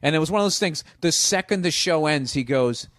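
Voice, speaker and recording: On a podcast, a man casually tells stories, swearing freely and animatedly acting out other people's lines. His voice is fairly high and fairly quick, with no room sound in the recording.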